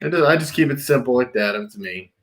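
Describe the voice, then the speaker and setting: A man's voice: mid-range voice, lively intonation, fast. A man working as a pool designer, talking casually and reassuringly with clients about a backyard plan.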